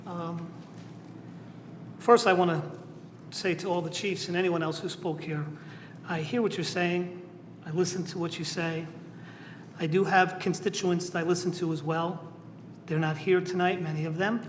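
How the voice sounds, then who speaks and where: High-voiced, emotional council member in an echoey chamber. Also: male voice, fairly even intonation, normal speed, long pauses. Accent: Southern New England. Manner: emotional, blunt, repeats himself. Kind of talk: impassioned speech at a public meeting. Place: large echoey meeting chamber. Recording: echoey council chamber with long reverb, faint noise.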